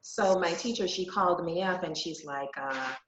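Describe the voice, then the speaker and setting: A woman's voice: on the low side, normal speed, background noise. A woman from Jamaica, reflectively telling a personal story as a podcast guest, with frequent ums and restarts. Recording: echoey room, dull lo-fi sound.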